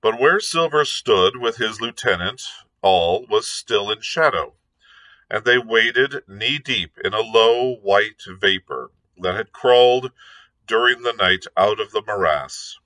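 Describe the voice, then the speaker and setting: A male librarian reading a classic novel aloud in a measured storytelling manner. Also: lowish voice, lively intonation, bright, forceful tone, low-quality recording. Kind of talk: read-aloud narration.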